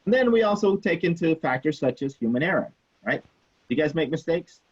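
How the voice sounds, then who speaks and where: A man teaches a chemistry class by telling a story from his student days, full of life and quick to act out every person in it. His voice sits a little high and sounds husky. The sound is muffled and lo-fi, like an online class. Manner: animated, acts out quoted people, swears casually. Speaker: chemistry instructor. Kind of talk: casual lecture storytelling.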